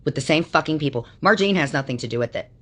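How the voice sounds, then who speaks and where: A woman's voice: sits low, animated, fast, a bit bright, breathy edge. A woman livestreaming, ranting at her chat in a combative, mocking way with constant profanity.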